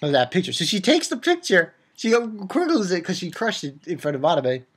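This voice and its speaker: A man giving a casual, rambling recap of an anime episode, excitable and quick to swear and laugh. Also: high-pitched, slightly rough. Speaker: anime reviewer.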